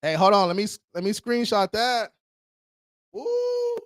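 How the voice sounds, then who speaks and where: A man's voice: high-pitched, fairly quick, fairly bright tone, smooth, dry recording, clean studio sound. A man hosting a casual livestream, talking in a slangy, hyped-up way and calling viewers bro. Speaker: credit repair livestream host.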